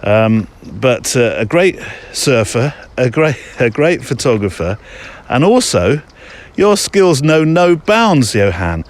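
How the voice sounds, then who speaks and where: A British podcast host with a mid-range voice reads listener mail aloud slowly in a sing-song manner. He keeps it casual and chatty, tossing in joking asides.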